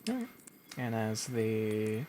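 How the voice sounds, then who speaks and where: A man narrating a tabletop game as game master, slowly and with hesitant pauses. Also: on the low side, sing-song, a little mellow, a little hiss or hum.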